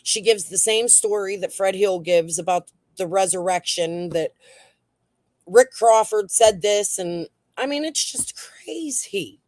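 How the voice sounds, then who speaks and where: A woman's voice: mid-range voice, unhurried, darkish tone, no room sound. Blunt, foul-mouthed woman streamer. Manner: blunt, profane and heated. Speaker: true crime livestream host. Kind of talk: casual livestream commentary, reading chat.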